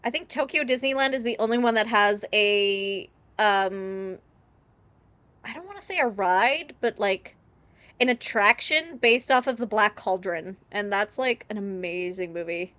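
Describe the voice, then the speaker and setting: A woman's voice: mid-range voice, a little slow, a bit bright, dry recording. A woman streaming a game live, rambling through chatty tangents and laughing often. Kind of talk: casual live gameplay commentary.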